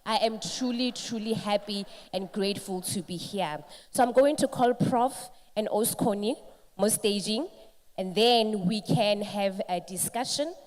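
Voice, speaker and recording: A woman's voice: medium pitch, measured pace. Faith-filled woman emcee. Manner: warm, faith-filled, lively code-switching. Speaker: event host. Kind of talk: live emcee remarks mixing Sesotho and English.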